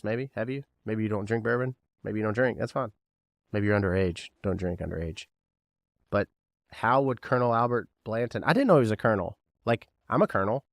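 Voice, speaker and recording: A Kentucky man hosts a casual solo podcast, rambling, joking, and firing questions at the listener. His voice is fairly low, with no echo and studio quality.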